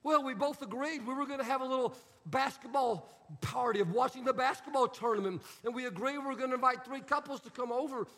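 A man's voice: very high voice, quick pace, sharp tone, long reverb tail, exaggerated voice. A man voicing a tearful young wife complaining about her husband in a whiny voice. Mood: aggrieved whining.

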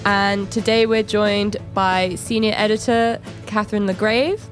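British woman, podcast host, casual chat, lively and laughing, soft music faint behind. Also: medium pitch, a little slow. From United Kingdom.

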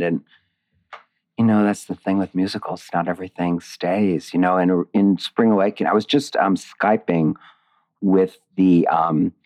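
A man being interviewed about his writing, talking expressively and digressively with many restarts. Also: deep voice. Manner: expressive, digressive, emotional at times. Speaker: author and lyricist. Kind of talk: interview conversation.

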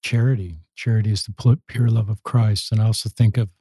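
A man hosting an interview, speaking thoughtfully and gently. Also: fairly low pitch, steady tone, a little fast, breathy edge, no echo, low-quality recording. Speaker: host. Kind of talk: interview conversation.

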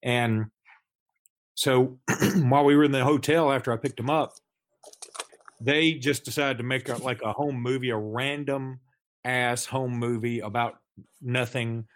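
A man in his thirties co-hosts a relaxed sports podcast with an easy, mid-pitched voice. He rambles through his stories, breaking off and restarting sentences as he goes. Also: a little slow. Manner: rambling, self-interrupting storyteller. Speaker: podcast co-host. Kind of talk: casual sports podcast chat.

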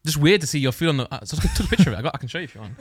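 A man's voice: fairly high pitch, lively intonation, rapid-fire. A man telling a long story in casual chat on a podcast. He rambles, corrects himself and laughs as he goes. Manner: rambling, self-correcting, laughs through his own story.

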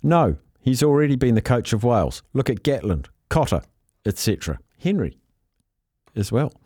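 A New man hosts a sports talk radio show, reading listener messages aloud and tossing in quick asides. His voice sits mid-pitch. The studio sound is dry and close. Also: sing-song, dark tone, breathy edge, no echo. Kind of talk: reading listener texts and taking calls.

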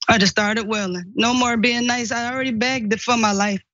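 A woman's voice: fairly high pitch, steady tone, moderate pace, fairly bright tone, dull audio. A woman urgently telling a first-person story, often repeating what others said. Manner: retells dialogue in quotes, urgent. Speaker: guest recounting an incident.

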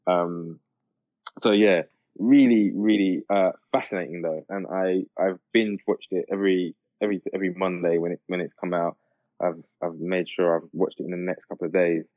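Over a tinny, phone-like line with no room sound, a podcast co-host chats about football in a low, steady voice at a moderate pace. His talk is casual and rambling, full of fillers and restarts, and he laughs a lot.

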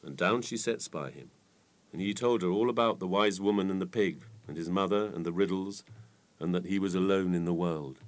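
A man reading an old folk tale aloud with lively, expressive storytelling. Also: sits low, normal speed.

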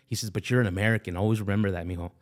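A man's voice: on the low side, rapid-fire. A man in his forties with a Southern California Latino accent, telling family stories as a podcast guest, acting out relatives' voices and slipping into Spanish. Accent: Southern California Latino English. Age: 40s. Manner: animated, acts out family voices, switches into Spanish. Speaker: podcast guest, Army veteran. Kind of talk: casual storytelling interview.

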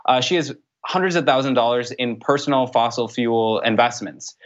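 A young man answering interview questions as a political candidate, in an earnest, brisk way with frequent fillers. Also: medium pitch. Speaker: congressional candidate. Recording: dull lo-fi sound.

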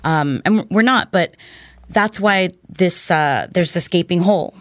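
Lower-voiced woman podcast host, dry. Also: unhurried, no room sound. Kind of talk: casual podcast conversation.

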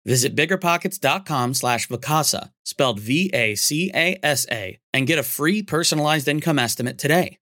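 Male announcer, polished ad read, light high-ish voice, dry sound. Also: a bit bright, dry recording. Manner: smooth sales pitch. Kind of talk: read advertisement.

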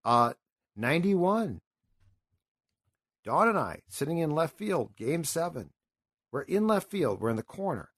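Impassioned middle-aged sports talk host. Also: male voice, fairly high pitch, very animated, a little slow, long pauses, a bit bright, husky. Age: 50s. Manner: impassioned, rambling, emotional storytelling.

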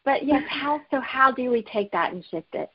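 A woman's voice: high-pitched, lively intonation, normal speed, breathy edge, dry recording. A woman author from Alabama, telling her story in an earnest, storytelling way during an interview and laughing easily. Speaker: author and guest. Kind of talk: interview conversation. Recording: muffled lo-fi remote audio.

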